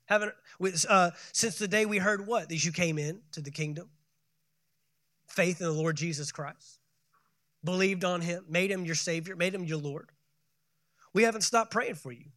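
A pastor preaching a sermon, building to loud emphatic peaks and calling for the congregation to respond. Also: male voice, high-pitched, fairly even intonation, normal speed, no echo, studio quality. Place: church sanctuary.

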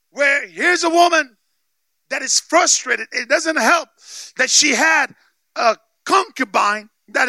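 A man preaching a sermon with emphatic call-and-response, often shouting for emphasis. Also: very high-pitched, creaky, dry recording. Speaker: pastor.

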